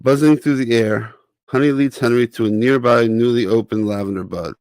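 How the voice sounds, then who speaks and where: A man reading his own children's picture book aloud as narrator, with a steady, clear delivery. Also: mid-range voice, moderate pace, no echo. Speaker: author and narrator.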